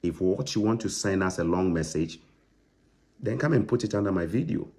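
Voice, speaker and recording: A man's voice: sits low, expressive, normal speed, a little mellow, husky. A man on a live stream, answering viewer comments in a stern, emphatic, lecturing way with lots of repetition. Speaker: online content creator answering viewers.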